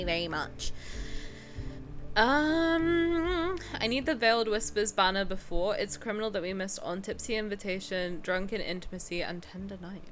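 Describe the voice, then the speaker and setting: A young adult woman streaming a game, chatting casually and reading the story aloud, excitable and prone to swearing and sudden loud outcries. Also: mid-range voice. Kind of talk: casual gaming reaction stream.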